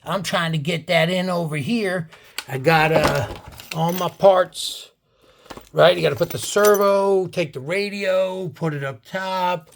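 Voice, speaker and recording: A man's voice: sits high, a little slow, vocal fry, background noise. A man, a bit tipsy, rambling profanely and joking as he shows off his RC cars. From New Jersey. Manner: profane, rambling, joking, says "right?" often. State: tipsy from drinks. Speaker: RC car hobby vlogger. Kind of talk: casual tipsy chat to camera.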